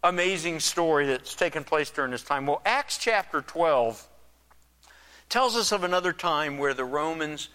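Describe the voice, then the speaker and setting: A man's voice: on the high side, expressive, normal speed, bright, forceful tone, clean tone, in a large hall. A man preaching a sermon, conversational, imagining and acting out the dialogue of the story. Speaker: pastor.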